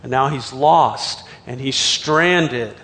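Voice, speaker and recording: A man preaching a sermon as a pastor, telling the story dramatically and swinging from loud outbursts to hushed near-whispers. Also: mid-range voice, slow, long reverb tail.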